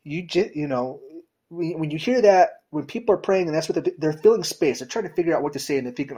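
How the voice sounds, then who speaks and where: A man's voice: brisk, breathy edge. A man giving a conversational sermon, talking straight to his listeners in a direct, informal way and often checking in with "you know" and "right?". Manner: emphatic swings in pitch and loudness. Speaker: preacher.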